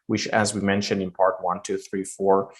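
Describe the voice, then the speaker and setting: Vietnamese-accented male teacher, lowish voice, chatty exam-prep explaining, lots of fillers. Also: level tone, normal speed. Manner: explaining, thinking aloud with many fillers. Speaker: pronunciation teacher. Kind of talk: spoken exam-prep lesson.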